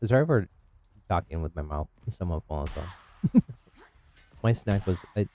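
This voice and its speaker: Chill guy streaming a game, low mellow voice, chatty and laughing at himself, desk mic. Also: big pitch swings, measured pace. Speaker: streamer playing with viewers. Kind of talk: casual live gameplay commentary.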